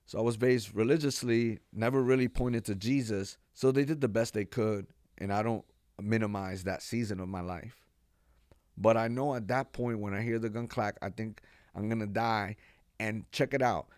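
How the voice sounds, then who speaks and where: Speaking at normal speed in a lowish voice, a pastor from Texas recounts his life story as a podcast guest, animatedly acting out others' words and laughing often. The recording is dry and studio quality.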